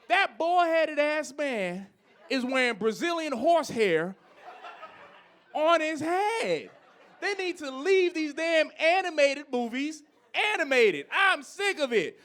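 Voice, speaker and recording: Here a man in his thirties is performing stand-up at a comedy club, ranting with loud eruptions and sinking into quiet asides.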